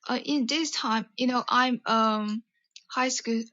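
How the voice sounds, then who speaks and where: A woman college student whose first language is Chinese, practicing English by asking halting questions. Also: a little high, sharp tone, dry recording, dull audio. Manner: halting, asks many questions. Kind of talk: casual English practice chat.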